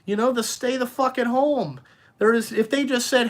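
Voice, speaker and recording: Answering chat comments in a profane livestream rant, this dump truck business owner swears heavily and speaks bluntly, repeating himself and restarting haltingly. He has a very high-pitched voice with a steady tone.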